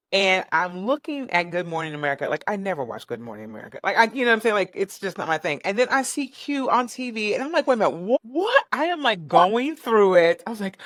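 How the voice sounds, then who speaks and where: A woman's voice: lowish voice, fairly bright tone, dry recording. Effusive woman host, dry sound. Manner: effusive, repeats words, lots of likes. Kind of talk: casual interview chat.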